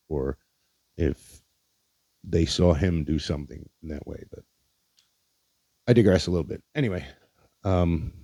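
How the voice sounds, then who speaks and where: A man with a very low, dark voice tells a personal story for his podcast, blunt and heavy with swearing. He often stumbles and repeats words as he goes. The recording is dull and dry, with no room sound. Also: dry recording. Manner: candid, profane, halting with repeated words. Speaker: podcast host.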